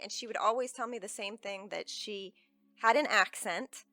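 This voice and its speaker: A woman's voice: mid-range voice, normal speed, pushed and bright. A woman co-hosting a podcast, chatting casually and laughing easily. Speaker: podcast co-host.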